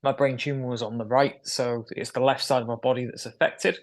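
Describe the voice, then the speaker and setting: Speaking briskly in a mid-range, level-toned voice, a young man shares his story frankly as an interview guest. The conversation is candid, and he lets out a nervous laugh now and then.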